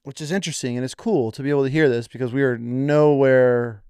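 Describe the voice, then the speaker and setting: A man's voice: mid-range voice, fairly quick, a little mellow, smooth, no echo, clean studio sound. A man hosting a podcast in casual chat, laid-back and blunt, swearing casually. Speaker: podcast host.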